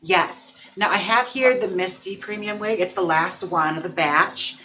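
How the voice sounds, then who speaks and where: A man's voice: high voice, unhurried, sharp tone, slight background noise. A drag queen hosting a casual livestream, chatting playfully and campily with viewers. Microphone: own mic.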